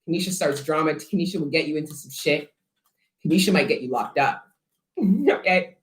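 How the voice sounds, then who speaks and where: A woman's voice: deep voice, normal speed. Blunt, fired-up woman tarot reader. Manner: rambling, self-interrupting asides. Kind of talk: collective tarot reading. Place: her studio. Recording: echoey room.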